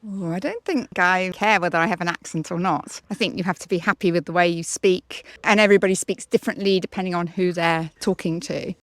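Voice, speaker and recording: A woman answering street interview questions in a calm, even-handed way. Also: on the low side, a little fast, few pauses, no room sound.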